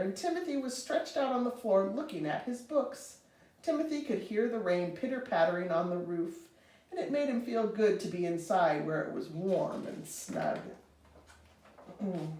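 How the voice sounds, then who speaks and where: Woman reading a kids story, lively up and down voice, echoey room. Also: mid-range voice, recorded from a distance. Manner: expressive, animated storytelling. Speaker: storybook reader. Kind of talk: reading a children's story aloud. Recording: roomy, reader away from mic.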